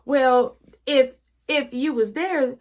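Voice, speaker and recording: A woman voicing her older grandmother, who speaks softly and tries to calm things down. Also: high voice, slow pace. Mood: pleading. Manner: soft, placating.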